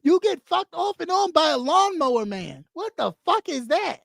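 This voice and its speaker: Woman, streamer, high voice, blunt mocking rant, constant swearing, dry close sound. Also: very animated, moderate pace, gravelly, no room sound. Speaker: YouTube streamer. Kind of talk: profane rant on camera.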